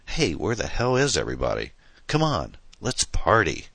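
A man voicing a drunk, hysterical young woman who shouts and slurs profane rants. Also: rumbling low, expressive, unhurried, dry recording, full character voice. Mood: drunken raving. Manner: slurred, shouting, profane ranting.

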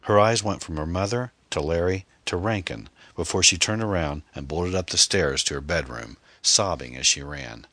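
A man reading a novel aloud as an audiobook narrator in a steady, even-paced way. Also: sits low, normal speed, hardly any pauses, dry recording.

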